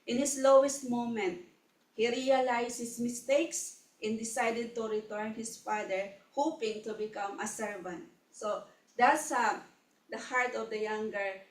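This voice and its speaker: Woman preacher, fairly high voice, earnest and halting. Heard from off mic in a roomy hall. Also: steady tone. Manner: earnest, halting, repeats words while preaching. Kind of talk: sermon. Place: church hall. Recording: echoey hall, mic from a distance.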